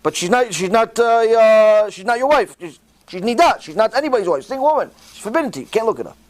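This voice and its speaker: Animated, high-voiced man preaching. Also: fast. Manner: animated preacher, acts out quoted speakers. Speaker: rabbi. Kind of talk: sermon.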